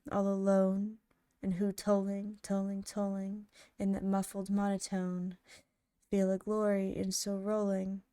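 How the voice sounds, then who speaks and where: A woman narrating poems in a soft, hushed ASMR reading style, drawing out each line slowly. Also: medium pitch, smooth, dry recording, clean studio sound. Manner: slow, hushed, drawn-out delivery.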